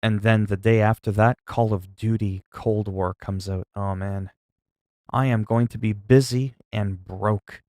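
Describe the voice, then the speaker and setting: A man's voice: on the low side, fairly even intonation, a little slow, darkish tone, no room sound, studio quality. A man chatting casually on a game livestream, rambling, joking and reading the chat aloud into a desk mic. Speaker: gaming livestreamer.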